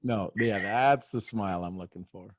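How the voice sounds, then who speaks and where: A man's voice: lowish voice, moderate pace, dry recording. A man coaching a woman live, encouraging and emphatic, often repeating phrases. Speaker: host, life coach.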